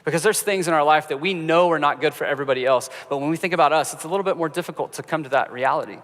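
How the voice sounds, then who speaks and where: A man's voice: a little high, rapid-fire, a bit bright. A man preaching a sermon as pastor, conversational and storytelling with touches of humor, in a church sanctuary. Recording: reverberant church hall.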